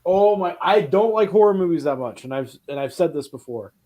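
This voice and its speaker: An animated man chatting casually on a film podcast. He tells stories with energy and swears freely. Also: on the high side, a little fast. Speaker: podcast co-host. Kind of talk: casual chat.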